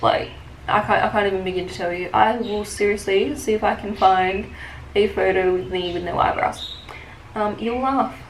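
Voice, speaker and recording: A woman's voice: mid-range voice, normal speed. Young woman, chatty makeup vlogger, lots of ums and likes, roomy echo, faint hiss. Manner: chatty, many fillers, animated retelling. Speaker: beauty vlogger. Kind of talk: casual get-ready-with-me storytelling. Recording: echoey room with faint hiss.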